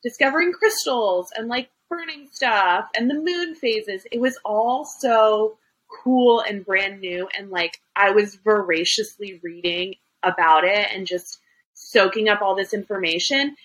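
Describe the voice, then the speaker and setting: Bright-voiced chatty woman podcast host. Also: medium pitch, measured pace, rough recording. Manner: chatty, lots of fillers and restarts. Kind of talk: casual chat.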